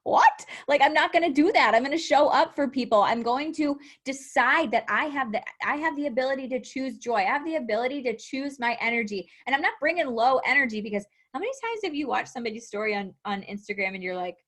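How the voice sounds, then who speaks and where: A young adult woman coaching her team in a motivational live talk, animated, acting out quotes and laughing often. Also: high voice, fast, hardly any pauses. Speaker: fitness coach.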